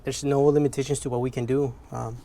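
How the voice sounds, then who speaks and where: A man's voice: medium pitch, level tone, quick pace, gravelly, dark tone, slight background noise. A man with English as his second language, frankly chatting in a rambling, motivational way while detailing his car, swearing casually.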